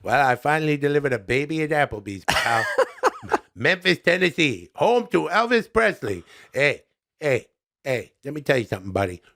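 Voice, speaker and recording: A man doing a comedic impression of a goofy middle-aged comedian reviewing restaurants, drawn-out and sing-song, calling everyone pal and buddy. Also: on the high side, sing-song, bright, forceful tone, heavily acted. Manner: ends lines with "pal" and "buddy".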